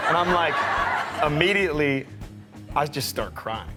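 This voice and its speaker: A man's voice: medium pitch, over music. A man animatedly telling a personal story, laughing and stumbling over his words. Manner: excited, laughing, halting. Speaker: musician guest.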